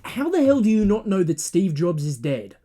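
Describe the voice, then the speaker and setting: An Australian man hosting a satirical news parody in a sardonic, swearing, animated delivery. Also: high-pitched, normal speed.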